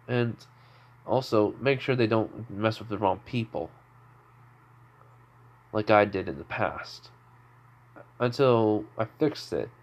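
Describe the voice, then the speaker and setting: A man's voice: fairly low pitch, slow pace, long pauses, muffled recording. A man voicing an older male mercenary mentor in an improvised fan story, explaining things in an offhand, rambling way. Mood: casual.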